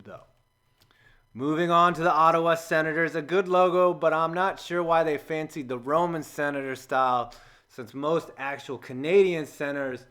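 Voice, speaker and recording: Sarcastic American man doing jokey commentary. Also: fairly high pitch. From United States. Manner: sarcastic, jokey, with sudden loud jumps. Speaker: comedy video host. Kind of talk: scripted comedic voice-over.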